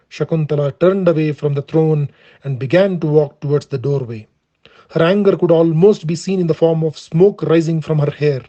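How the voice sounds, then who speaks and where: Man reading a sacred story, slightly high voice. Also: warm tone. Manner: measured, reverent reading. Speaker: scripture storyteller. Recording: dull lo-fi recording.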